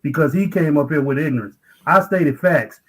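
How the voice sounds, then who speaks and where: A man's voice: on the high side, moderate pace, fairly bright tone. A man arguing in a livestream debate, insistent and repeating his phrases over and over. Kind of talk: heated argument.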